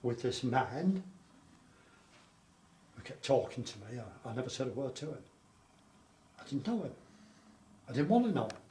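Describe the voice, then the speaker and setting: An older man with a dark, medium-pitched, sing-song voice speaks at normal speed but pauses often as he recalls his wartime childhood. This oral history interview finds him rambling and repeating himself, in an echoey room with faint background noise.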